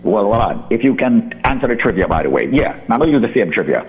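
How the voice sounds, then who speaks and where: A man giving an on-air sales pitch on the radio, urgent and repetitive. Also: sing-song, quick pace, hardly any pauses. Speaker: radio advertiser. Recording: muffled radio recording with reverb.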